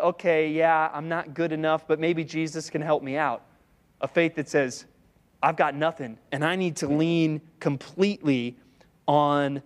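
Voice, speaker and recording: Conversational male pastor preaching. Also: on the high side. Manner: conversational, rhetorical questions, acts out voices. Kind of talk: sermon. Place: church with seated congregation.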